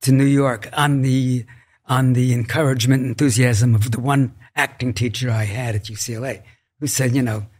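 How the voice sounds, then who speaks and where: A man's voice: medium pitch, fairly even intonation, moderate pace, a little mellow. An older man, a guest actor, telling rambling stories with many restarts in a podcast interview. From United States.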